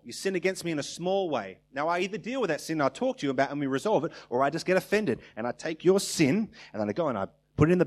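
A man preaching a sermon in a conversational way, now and then acting out little everyday exchanges. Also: on the high side.

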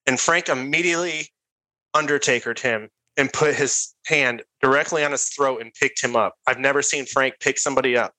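A man's voice: medium pitch, normal speed, pushed and bright, dry recording, poor audio. A man telling a rambling bar-fight story to friends in casual chat, acting out the quotes.

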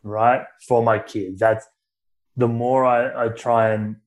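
A male podcast host chats casually with his guest. He speaks at an unhurried pace and in a mid-range voice, and asks thoughtful questions. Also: medium pitch, level tone. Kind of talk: casual interview talk.

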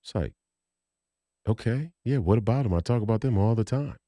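Male podcast co-host, low and lively, swears and restarts, dry close sound. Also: fairly quick, dry recording. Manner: heated, rambling, profane, many restarts. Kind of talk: casual political chat.

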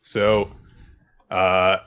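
Casting: deep-voiced male podcaster, laid-back recap, lo-fi sound. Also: flat delivery, drawn-out words, fairly bright tone, clear, resonant tone. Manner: laid-back, chuckling, filler-heavy. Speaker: podcast co-host. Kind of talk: casual chat recapping a manga.

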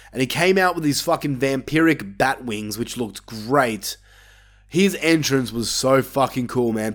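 A man talks through a wrestling show on his podcast in a loose, opinionated way, swearing freely. His voice sits at an ordinary middle pitch and jumps up when something excites him. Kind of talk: casual review monologue.

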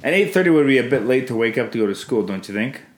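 A man hosting a casual family podcast at home, gently coaxing his kids with questions and often restarting his sentences. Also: medium pitch, expressive, rapid-fire. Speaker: podcast host interviewing his children. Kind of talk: casual family chat about a movie. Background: faint cleaning noise.

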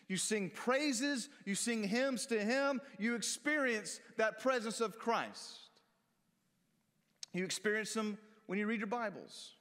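This high-pitched, fairly bright male voice belongs to a pastor delivering a sermon in a folksy, conversational style, sometimes breaking into acted-out quotes. He's in a church sanctuary, and the recording carries the long reverb of a church hall.

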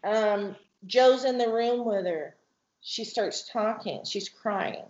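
A woman's voice: mid-range voice, slow pace, a little mellow. A woman, a mother, tells an emotional personal testimony, acting out the voices she quotes. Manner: vivid retelling that acts out quoted voices, with restarts. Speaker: guest, mother telling her family's story. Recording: roomy, dull lo-fi sound.

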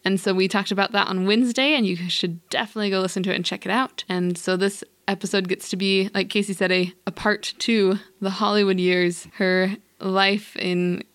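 A young woman co-hosting a casual podcast, chatting eagerly and laughing often. Her voice sits at an ordinary middle pitch. The recording is close and dry, with no room sound. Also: steady tone, fairly quick, few pauses, a bit bright, no room sound. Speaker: podcast co-host.

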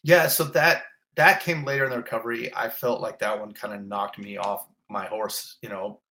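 In a lowish voice at a moderate pace, a man interviewed as a guest relives a personal story, gasping and exclaiming with emotion. His account rambles, with many restarts.

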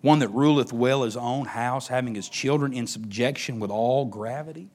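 A middle-aged man, preaching a sermon as pastor, swinging between emphatic rises and hushed near-whispers. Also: mid-range voice, moderate pace.

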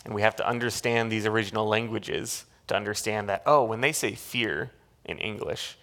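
A male pastor preaching a sermon, telling a story with lively energy, frequent restarts and short laughs. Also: fairly low pitch, normal speed.

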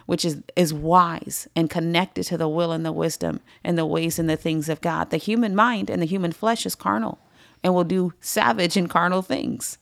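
Woman Bible study teacher, low gravelly voice, emphatic, dry close sound. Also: fairly even intonation, moderate pace, no room sound. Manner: emphatic, repeats phrases for stress.

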